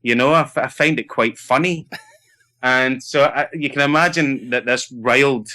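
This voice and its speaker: A middle-aged Scottish actor telling lively anecdotes in a casual interview, laughing and acting out what others said. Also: male voice, mid-range voice, normal speed. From Scotland. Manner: animated anecdotes with laughter and acted-out quotes. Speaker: actor guest.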